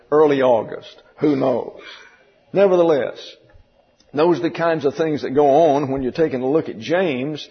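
A husky-voiced man preaching an expository sermon, folksy and wry, wandering into asides. He sounds a bit distant and muffled, with the long echo of a large hall. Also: mid-range voice. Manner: folksy, digressive, dryly humorous. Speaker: pastor.

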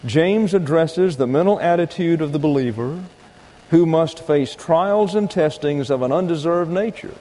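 A man's voice: fairly high pitch, mellow, big-room sound, rough recording. A man preaching a sermon, teaching point by point and reading out scripture verses. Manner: deliberate teaching with numbered points and read-out verses. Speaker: pastor.

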